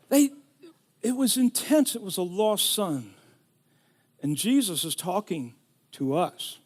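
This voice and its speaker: A middle-aged man preaching a sermon, telling a personal story with rising emotion that builds to shouting. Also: sits high, expressive, a little slow, long pauses. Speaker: pastor.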